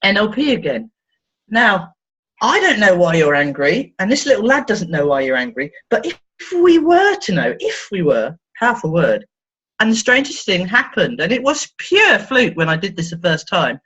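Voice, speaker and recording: A woman's voice: very animated, normal speed, fairly bright tone, slightly rough. A woman therapist talking in an interview, telling stories playfully and acting out the voices she quotes. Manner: playful, acts out quoted voices with big pitch swings. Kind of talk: animated storytelling in conversation. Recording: dull lo-fi sound.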